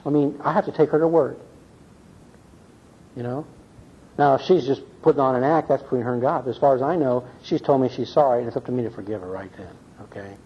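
A man's voice: mid-range voice, quick pace, breathy edge. An older man leading a church Bible class in a folksy, earnest way, often checking in with "see?" and "okay?". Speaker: Bible study teacher. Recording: muffled lo-fi recording.

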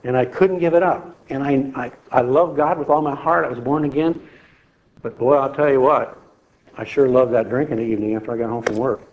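A man's voice: medium pitch, fairly quick. A middle-aged man preaching a folksy sermon, speaking to the congregation conversationally. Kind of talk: sermon with personal testimony. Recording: slightly dull lo-fi sound.

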